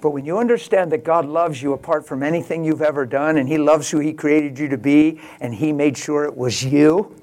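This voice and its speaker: A male pastor preaching a sermon, telling a story and swinging from quiet, slow lines to loud exclamations. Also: on the high side, steady tone.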